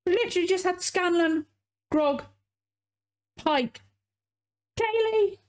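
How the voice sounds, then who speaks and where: A woman reacting to an animated episode, effusive and emotional, swearing freely. She talks at an unhurried, slow pace. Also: medium pitch. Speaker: reaction video host. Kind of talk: casual reaction commentary.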